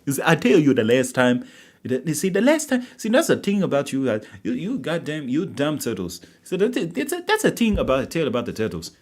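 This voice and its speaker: A man voicing Super Mario as a loud, rambling plumber who scolds turtles with stumbling threats. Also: fairly high pitch, wildly swooping pitch, fairly quick, pitched above the performer's own voice. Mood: blustering. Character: blustering male plumber hero scolding turtles.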